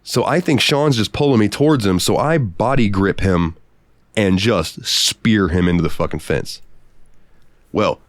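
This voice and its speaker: A man co-hosting a podcast, telling profane, animated stories in casual chat. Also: lowish voice, unhurried, no room sound. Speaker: podcast co-host. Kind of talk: casual storytelling.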